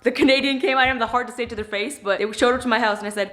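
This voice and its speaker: A woman in her thirties vlogs straight to camera at a quick clip. Her voice sits a little high, and she rants in an exasperated, animated way. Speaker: vlogger. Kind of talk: casual vlog talk to camera.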